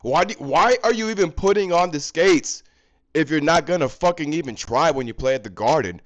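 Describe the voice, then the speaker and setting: A man's voice: fairly high pitch, animated, fairly quick, low-quality recording. A young man ranting angrily about his hockey team in a fan video recap, profane and exasperated. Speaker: fan channel host.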